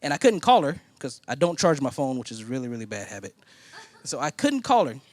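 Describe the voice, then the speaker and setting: Lively storytelling man preacher. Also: mid-range voice, a little fast, no room sound. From Indiana. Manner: animated storytelling, acting out quoted voices. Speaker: pastor. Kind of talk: sermon storytelling.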